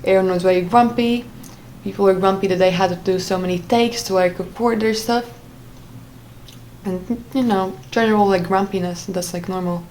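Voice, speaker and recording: A young woman talks through a personal story in a loose, unscripted way, full of fillers, restarts and asides. Her pitch sits in an ordinary middle range. A faint hiss runs under the recording. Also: steady tone, normal speed, a little mellow. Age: young adult. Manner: rambling with frequent fillers and restarts. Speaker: vlogger. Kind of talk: casual storytime monologue.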